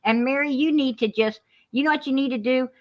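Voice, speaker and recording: A woman talks fairly quickly in a high-pitched voice on a heated live stream. She's preachy and repetitive, addressing people as hon and sweetheart, and the lo-fi audio sounds muffled.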